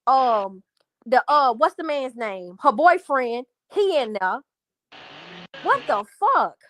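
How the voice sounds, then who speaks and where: Speaking slowly with lively intonation, a high-voiced woman hosting a livestream rants angrily at her audience, swearing and repeating herself and addressing chat as "y'all." There's slight background noise.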